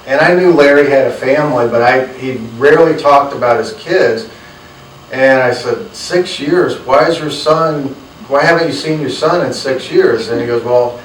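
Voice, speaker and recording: A man's voice: mid-range voice, a little hiss or hum. A man, an author telling earnest stories to a live audience and acting out the dialogue he quotes. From North Carolina. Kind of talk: storytelling talk to an audience. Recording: roomy, from a distant mic.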